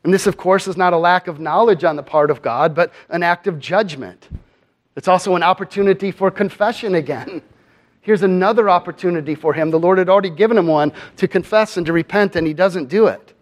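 A pastor with a high-sitting voice preaches a sermon at a fairly quick pace. He speaks earnestly and often poses rhetorical questions to his congregation.

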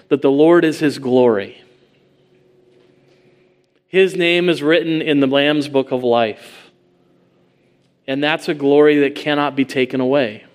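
A man's voice: mid-range voice, a little mellow. A man preaching an expository sermon, earnest, asking rhetorical questions and reading scripture aloud.

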